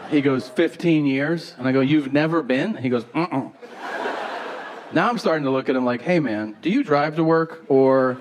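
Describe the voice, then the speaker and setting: A man doing a stand-up comedy set on stage, telling stories in a deadpan way and acting out both sides of the dialogue. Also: fairly high pitch, normal speed. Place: theater stage before a live audience. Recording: live show with crowd noise. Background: audience laughter.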